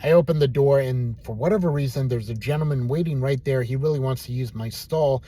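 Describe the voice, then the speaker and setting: A man calmly telling a self-deprecating personal story in a casual vlog. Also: medium pitch, a little fast. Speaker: vlogger.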